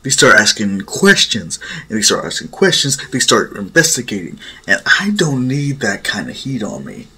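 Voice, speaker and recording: A man's voice: lowish voice, big pitch swings, normal speed, hardly any pauses, pushed and bright, a little hiss or hum, heavily acted. A man voicing a flustered young male hero who stammers nervously and slips into mock gangster talk. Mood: mock tough.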